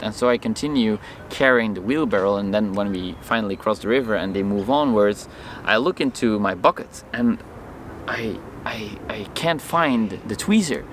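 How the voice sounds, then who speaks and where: A man vlogging outdoors, telling a personal story to camera in an animated way and acting out the lines of people in it. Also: lowish voice, slight background noise. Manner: animated, acts out his own and others' lines in the story.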